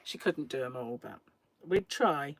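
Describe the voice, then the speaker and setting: A woman's voice: extremely low pitch, lively intonation, measured pace, no room sound. A woman hosting a crochet livestream, chatting casually and rambling to her viewers, laughing often, from a small room at home. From England. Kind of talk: casual chat with live viewers.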